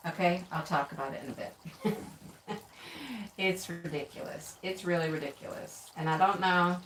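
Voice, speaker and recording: A woman's voice: on the low side, fairly even intonation, normal speed, long pauses, fairly bright tone. A woman hosting a casual live craft stream, chatty and laughing often as she greets viewers by name. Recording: echoey room, distant from mic, faint noise.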